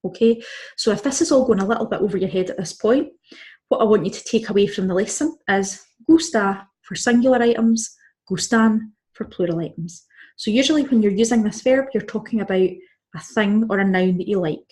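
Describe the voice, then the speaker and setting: A woman's voice: medium pitch, a little fast, a little mellow. A Scottish woman teaching a Spanish grammar lesson, explaining patiently step by step. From Scotland. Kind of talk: online language lesson.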